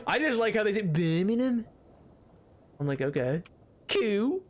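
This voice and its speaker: A man's voice: sits high, lively intonation, moderate pace. A man live-streaming a game, chatting casually with his viewers in a goofy, rambling, joking way. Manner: goofy, rambling, jokey with chat. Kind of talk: casual live-stream chat while gaming. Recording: music playing behind.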